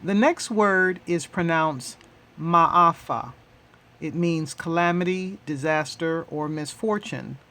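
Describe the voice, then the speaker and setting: Slow, deliberate language teacher. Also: male voice, fairly high pitch, fairly bright tone. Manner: repeats each word three times, deliberate. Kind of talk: slow, repetitive language lesson.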